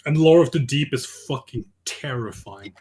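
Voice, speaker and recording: A man's voice: mid-range voice, normal speed, darkish tone. A man on a casual gaming podcast, telling vivid, profane stories.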